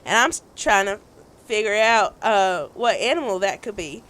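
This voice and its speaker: A woman's voice: medium pitch, animated, moderate pace, a bit bright, lightly acted. A woman voicing a young woman's text messages in a put-on Mississippi accent. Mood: chatty.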